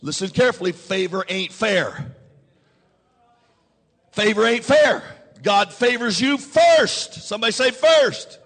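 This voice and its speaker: A man preaches a sermon in a strikingly high, bright voice. He repeats his key lines, calls on the congregation to answer, and climbs to shouts. The sound rings with the long reverb of a large hall. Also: expressive, a little slow, pauses often. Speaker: pastor.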